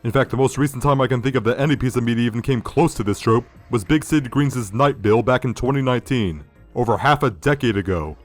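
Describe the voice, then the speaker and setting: A man's voice: medium pitch, quick pace, faint music behind. A man hosting a critical video review, sardonic and profane. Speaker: video essay host.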